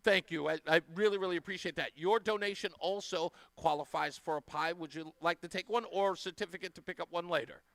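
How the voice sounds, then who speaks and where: High-pitched radio host guy, gushing with thanks, super dry mic. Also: quick pace, creaky, few pauses, dry recording. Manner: animated, effusive, thanks donors repeatedly. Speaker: radio talk show host. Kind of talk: casual radio chat and live fundraiser. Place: radio studio.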